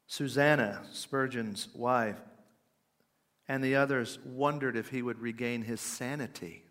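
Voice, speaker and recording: A man's voice: mid-range voice, measured pace, fairly bright tone, long reverb tail. A man giving an earnest talk on faith, moving between plain conversational asides and emphatic readings of old quotations. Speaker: podcast speaker.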